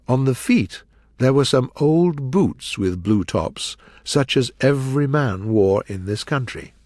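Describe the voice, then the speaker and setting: A man reading a children's story aloud in a clear, measured way. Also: mid-range voice, a little mellow, no room sound, studio quality. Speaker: audiobook narrator. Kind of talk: storybook narration for learners.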